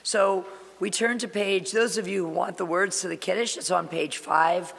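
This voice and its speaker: A man leads a congregation in a high voice with a gravelly rasp. He gives calm, guiding instructions, and his voice rings with long reverb in a big sanctuary. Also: normal speed. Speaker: clergy leading the service. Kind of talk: service leading. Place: synagogue sanctuary. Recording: long reverb of a large hall.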